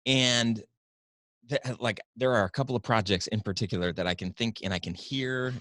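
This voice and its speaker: A man's voice: on the low side, normal speed, a bit bright, no room sound, clean studio sound. A man hosting a podcast, asking a guest a question hesitantly with restarts. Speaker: podcast host. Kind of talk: casual interview. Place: studio.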